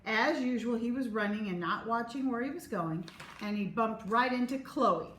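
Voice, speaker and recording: A woman reading a children's chapter book aloud in an expressive, unhurried way. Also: a little high. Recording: echoey room, faint hum.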